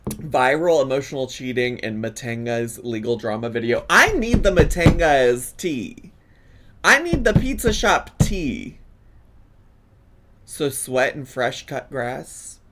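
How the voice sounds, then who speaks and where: A man's voice: medium pitch, very animated, slow, noisy background. A man in his thirties giving casual, playful reaction commentary, laughing often. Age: 30s. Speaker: YouTube reaction host.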